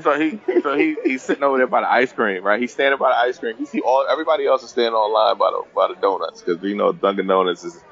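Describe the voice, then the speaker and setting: A man co-hosting a casual podcast chat, telling a story with lively acted-out quotes. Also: medium pitch, quick pace, gravelly, hardly any pauses. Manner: animated storyteller, acts out the people in his stories. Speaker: podcast co-host. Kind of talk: casual bar-table chat. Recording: dull lo-fi podcast audio.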